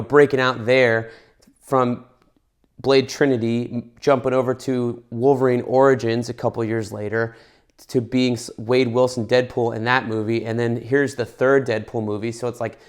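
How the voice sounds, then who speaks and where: A man in his thirties giving a casual, rambling movie review, with bursts of excitement. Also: medium pitch.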